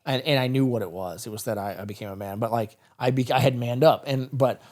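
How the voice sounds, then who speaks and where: A military veteran in his thirties guests on an interview podcast, talking fast in a mid-range, darkish voice. He tells stories candidly and casually, rambling and peppering his speech with "brother" and "dude."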